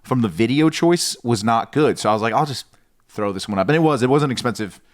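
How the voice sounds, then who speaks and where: Young male co-host, mid-pitched, very animated, teasing and incredulous. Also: quick pace. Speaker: podcast co-host. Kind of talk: crude comedic podcast banter.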